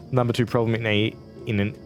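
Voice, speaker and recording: A man's voice: lowish voice, flat delivery, moderate pace, faint music behind. A man in his twenties giving casual, rambling live gameplay commentary and chatting with viewers. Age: 20s. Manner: casual, chatty, rambling, answers chat between fights. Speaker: game streamer.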